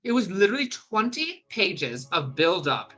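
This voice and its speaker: Young adult streamer, casual rambling chat, bright tone, faint game music behind. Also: medium pitch, moderate pace, poor audio. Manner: rambling, animated ranting. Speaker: gaming streamer.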